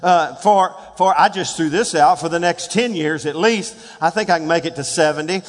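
A man in his sixties preaching a sermon as pastor, building to shouted calls and leading call-and-response with the congregation. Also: fairly high pitch, moderate pace, in a large hall. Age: 60s. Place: church sanctuary.

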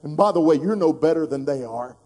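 A middle-aged man, preaching a sermon, telling an emotional personal story that builds to loud, fervent preaching. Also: on the high side, expressive, fairly quick. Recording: long hall reverb.

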